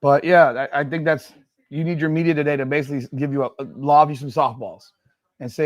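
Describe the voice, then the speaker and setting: A sports live-stream host with a fairly high-pitched voice talks a little fast over a dry recording. He's running a football watch party, reacting to plays and griping about rankings with excitable, repetitive fan chatter and shouts at the action.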